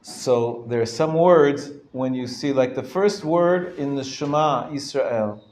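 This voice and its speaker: A male rabbi teaching a live class, explaining patiently and sounding words out slowly, often clearing his throat and chuckling. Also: mid-range voice, a little mellow. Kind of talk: live classroom lesson on Hebrew reading. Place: lecture room. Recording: roomy echo from a live class.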